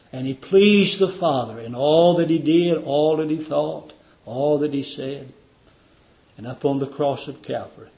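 A man's voice: on the high side, darkish tone. Fervent preacher man, dull recording. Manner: fervent, repetitive preaching cadence. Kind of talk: sermon at a communion service.

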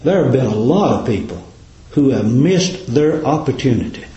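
A man's voice: medium pitch, animated, normal speed, warm tone, lo-fi sound. A man preaching a sermon in a folksy, dramatic cadence, full of rhetorical questions. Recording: very echoey room.

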